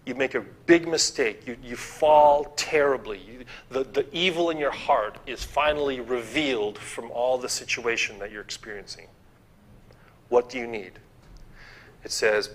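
A man's voice: mid-range voice, expressive, measured pace, a bit bright. A man preaching a sermon in a church, posing rhetorical questions, repeating key phrases and restarting words.

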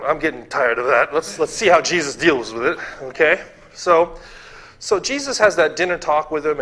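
A man's voice: mid-range voice, pushed and bright, husky. A man preaching a sermon in a church, posing rhetorical questions, repeating key phrases and restarting words.

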